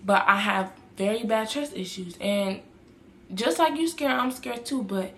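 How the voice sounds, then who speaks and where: A woman's voice: a little high, a little slow, fairly bright tone, slight background noise. A young woman vlogger telling a personal story in a casual, rambling way, repeating herself and speaking to viewers as y'all.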